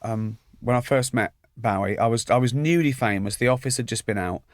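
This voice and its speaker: A man chatting as a guest, telling animated anecdotes and acting out the quoted lines. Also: mid-range voice, fairly quick, no echo, studio quality. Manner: animated storyteller, acts out quotes. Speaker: comedian and guest. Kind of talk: anecdotal chat.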